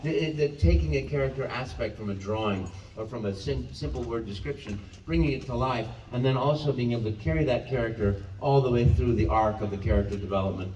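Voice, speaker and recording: An older man, a guest voice actor answering fan questions on a convention panel, expressive and encouraging, rambling with restarts. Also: mid-range voice, a little fast, few pauses, muffled recording. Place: large convention hall. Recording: echoey hall, voice from far off, faint noise.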